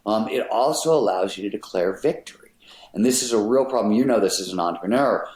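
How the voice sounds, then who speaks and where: The speaker is a middle-aged man on a podcast, his voice lowish and a little mellow, with lively intonation and a quick pace. In casual interview talk he argues his ideas emphatically, swearing once in a while, and the sound is roomy and echoey.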